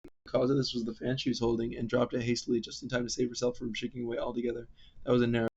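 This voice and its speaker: Guy speed-reading a storybook out loud, flat monotone, trips over words, dull lo-fi audio. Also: slightly rough. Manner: hurried reading with slips and restarts. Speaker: reader. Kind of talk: rushed read-aloud of a storybook. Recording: low-quality dull recording.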